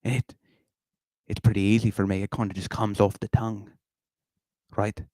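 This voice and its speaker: A man putting on an exaggerated Irish accent to play a boastful Irishman selling whiskey, in drawn-out salesman patter. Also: fairly low pitch, little pitch movement, darkish tone, dry recording, natural voice. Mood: hammy boastful. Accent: put-on Irish.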